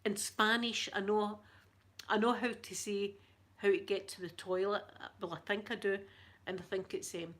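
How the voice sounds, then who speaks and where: A woman's voice: mid-range voice, little pitch movement, normal speed. Scottish lady, thick accent, middle-aged, chatty and giggly, talking to her stream. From Scotland. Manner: chatty, laughs often, soft-spoken. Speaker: livestream host. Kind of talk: casual chat with live viewers.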